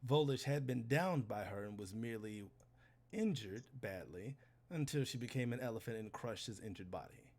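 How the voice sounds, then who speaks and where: A man's voice: mid-range voice, animated, moderate pace, darkish tone. A man narrating a tabletop role-playing game as game master, describing scenes steadily.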